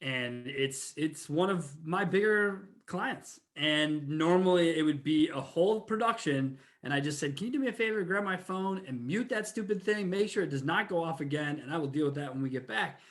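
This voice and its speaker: High-voiced male podcast host, reflective. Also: expressive, moderate pace, hardly any pauses. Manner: reflective, conversational, asks long questions. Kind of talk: interview conversation.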